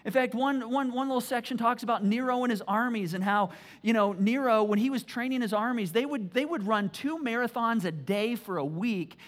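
Energetic, stammering male preacher. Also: very high voice, brisk. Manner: energetic, stammering repeats, emphatic. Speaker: pastor. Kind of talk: sermon. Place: church.

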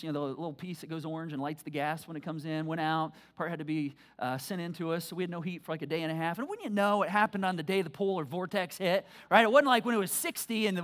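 Brief: middle-aged woman pastor, chatty sermon delivery, acts out her inner voice, voice leaps high and drops low. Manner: animated storytelling, acts out own thoughts with big pitch swings; frequent word repeats and restarts. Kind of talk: conversational sermon.

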